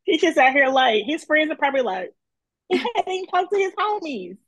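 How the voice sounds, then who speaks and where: A woman co-hosting a podcast in casual chat, sassy and animated, telling stories with lots of laughter. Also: sits high, fairly quick, no room sound. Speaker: podcast co-host.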